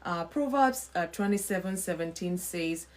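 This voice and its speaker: A woman's voice: fairly low pitch, expressive, moderate pace, a little mellow. A woman hosting a live stream, giving an earnest faith-based talk. She repeats her points, asks rhetorical questions and greets viewers by name as she goes.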